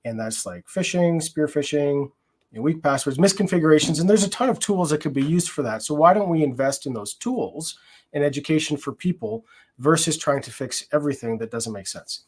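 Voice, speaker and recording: A man's voice: on the high side, expressive, fairly quick, a little mellow, husky. A man working in product security, explaining his approach in a conference conversation, with frequent fillers and restarts.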